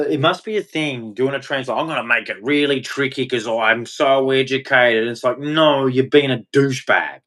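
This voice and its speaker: Blunt, rambling male streamer. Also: mid-range voice. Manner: blunt, rambling, mildly crude, self-interrupting. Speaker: live stream host. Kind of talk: casual live stream rant. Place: home studio.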